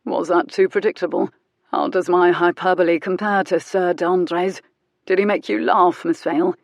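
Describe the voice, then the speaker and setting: A woman voicing a poised, wealthy male marquess who speaks in a low, teasing, intimate murmur. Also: fairly even intonation, moderate pace, no echo, lightly acted.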